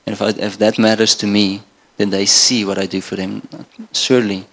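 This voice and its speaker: A man's voice: on the low side, little pitch movement, moderate pace, vocal fry, a bit bright. A middle-aged man from Namibia preaching a sermon in an earnest, conversational way. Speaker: pastor.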